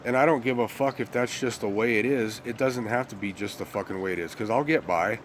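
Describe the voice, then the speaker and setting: A man's voice: medium pitch, a little fast, a little hiss or hum. A young man ranting bluntly and profanely in a rambling casual monologue to his viewers. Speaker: vlogger.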